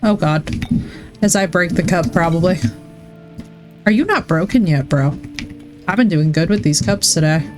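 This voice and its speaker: A woman's voice: on the low side, expressive, moderate pace, long pauses, darkish tone, soft background music. A woman streamer chatting casually while she plays, rambling through stories and swearing freely. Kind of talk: casual chat while gaming.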